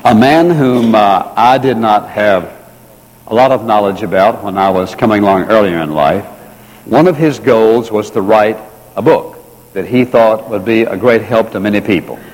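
Earnest preacher in a reverberant hall. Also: male voice, on the low side, darkish tone. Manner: earnest, slows down and repeats key phrases for emphasis. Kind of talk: sermon. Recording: long reverb of a large hall.

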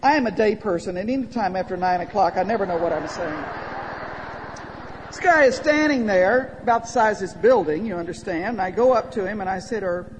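A woman speaking to an audience, telling a funny personal story with animated timing that drops to a hush at quiet moments. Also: mid-range voice, brisk. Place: large hall with audience. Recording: long hall reverb, faint background noise.

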